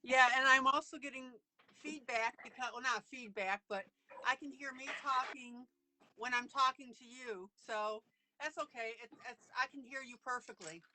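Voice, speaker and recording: A woman's voice: high-pitched, normal speed, sharp tone. A woman hosting a live online coloring broadcast, cheering and chatting casually with her viewers. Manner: enthusiastic, cheering, laughs often. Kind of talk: casual live-stream chat. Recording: noisy live-stream audio.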